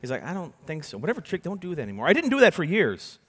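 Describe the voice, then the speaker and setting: A young adult man giving a conference keynote, telling a story with sudden loud and soft turns on a stage microphone. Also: fairly high pitch, huge pitch swings, rapid-fire, breathy edge. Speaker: keynote speaker. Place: large conference hall. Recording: long hall reverb.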